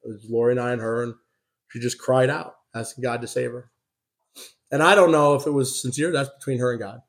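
A man preaching to his congregation. He rises in pitch and volume as he reads scripture, then drops to a quieter, rambling, conversational tone for a personal story. His voice sits mid-range for a man. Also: steady tone, a little fast. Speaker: pastor. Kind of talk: sermon.

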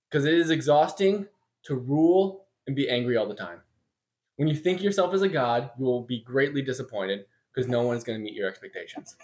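A young adult man preaching a sermon in a conversational way, with self-deprecating humor. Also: a little high. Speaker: pastor.

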